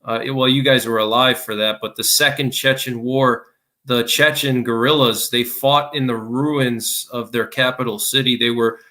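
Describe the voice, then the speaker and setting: Bright-voiced man in casual discussion. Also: mid-range voice, steady tone, moderate pace. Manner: thinking aloud, frequent restarts and fillers.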